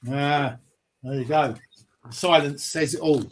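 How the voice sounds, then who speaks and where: A high-pitched man pushes an argument hard, swearing freely and stacking one rhetorical question on another. He talks like a confrontational live-stream host who never lets up. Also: fairly even intonation, slow pace.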